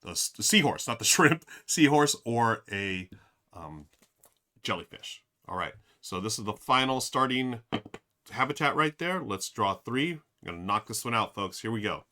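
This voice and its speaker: Bright-voiced man chatting on a live stream. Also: mid-range voice, lively intonation, moderate pace. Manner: rambling, thinks aloud, many fillers; addresses chat directly. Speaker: streamer playing a board game. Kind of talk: casual live-stream commentary.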